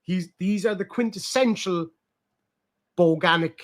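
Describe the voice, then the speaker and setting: Profane, animated young man chatting. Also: high voice, unhurried. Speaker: streamer host. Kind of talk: casual chat.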